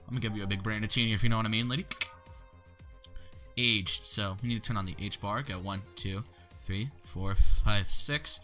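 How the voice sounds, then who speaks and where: A man doing gameplay commentary for his let's play videos, with jokey asides and loud exclamations. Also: lowish voice, creaky.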